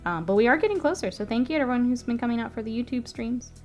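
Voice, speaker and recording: A woman streamer chatting casually with her live chat while she works, often murmuring softly, laughing easily, with a stuffy nose. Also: on the high side, animated, racing, soft background music.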